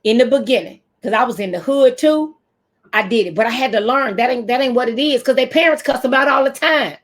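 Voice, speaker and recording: A woman in her fifties from the United States, talking to camera as a teacher trainer in an animated, preacherly way with AAVE speech. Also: on the high side, brisk.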